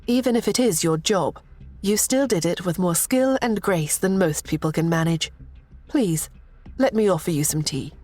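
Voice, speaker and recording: A woman voicing a gracious young princess who speaks politely and soothingly, pitched higher than her narration. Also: normal speed, a little mellow, lightly acted. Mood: warmly insistent.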